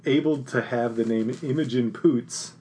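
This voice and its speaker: A man's voice: mid-range voice, warm tone. A man in his fifties co-hosting a podcast, chatting casually and joking with a playful manner. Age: 50s. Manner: playful, joking, quick to laugh. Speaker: podcast co-host. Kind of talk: casual chat.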